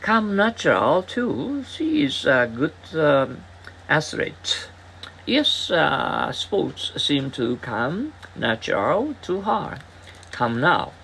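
A man reading English example dialogues aloud as a teacher, in a halting way with frequent hesitation fillers. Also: fairly high pitch, big pitch swings, creaky, pushed and bright, a little hiss or hum, poor audio.

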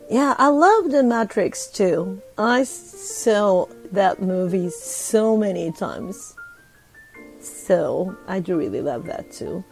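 A woman's voice: mid-range voice, expressive, slow, creaky, soft background music, poor audio. A woman with a Japanese accent, hosting a casual live audio chat, talking with lots of fillers and switching between English and Japanese. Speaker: host.

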